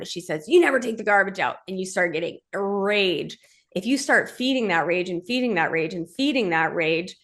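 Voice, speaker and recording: A woman's voice: fairly low pitch, fairly bright tone. A woman hosting a podcast, explaining her ideas in an earnest, direct way and often checking in with the listener. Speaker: podcast host and men's coach. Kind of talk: conversational podcast teaching.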